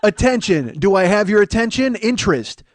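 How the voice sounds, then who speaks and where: A man's voice: sits high, expressive, normal speed, no echo, pitched above the performer's own voice. A man doing a bullying, foul-mouthed sales boss. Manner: barking, bullying, profane pep-talk. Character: brash profane male sales boss berating a beggar.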